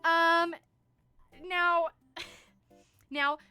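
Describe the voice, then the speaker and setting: A young adult woman streamer telling a story to her chat in an animated, swear-heavy way, often laughing. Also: extremely high pitch, extremely slow, no echo, soft background music. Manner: animated, profanity-laced, laughs through the story.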